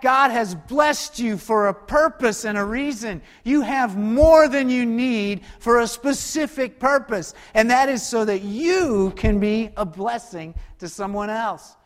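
The preacher, high-pitched and echoing with long reverb, keeps his sermon lively and conversational. Quick asides and back-and-forth calls with the congregation punctuate his delivery.

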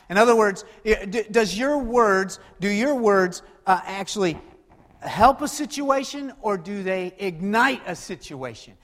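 A man preaching a sermon as pastor, swinging between loud emphatic passages and hushed, quiet asides. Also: high voice, animated, unhurried, long reverb tail.

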